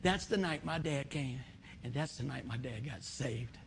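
A man's voice: medium pitch, normal speed, gravelly. A middle-aged man from West Virginia preaching a sermon through a long personal story, acting out the voices of the people in it. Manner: animated storytelling, acting out voices, bursts of loud whoops.

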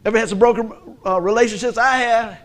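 A man's voice: high-pitched, fairly even intonation, fast talker, fairly bright tone. A middle-aged man, a pastor preaching a sermon in a conversational, humorous way with call-and-response.

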